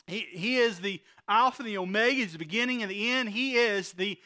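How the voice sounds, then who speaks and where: Preacher guy giving a sermon, kinda high voice, asks the crowd questions, repeats himself a lot. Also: a little fast, pushed and bright. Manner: storytelling, rhetorical questions, repeats words while speaking. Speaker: pastor.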